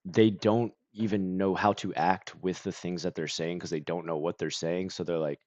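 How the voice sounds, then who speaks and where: Deep-voiced rambling streamer man. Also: level tone, normal speed, a little mellow, dry recording, lo-fi sound. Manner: rambling, full of "like" and self-corrections. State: coughing, clearing throat. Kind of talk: casual stream chat.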